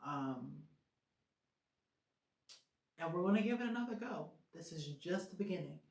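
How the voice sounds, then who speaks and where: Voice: mid-range voice, animated, normal speed. A podcast host chatting casually on their own, rambling with lots of "um" and "like" fillers. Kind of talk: casual solo podcast chat. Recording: roomy echo.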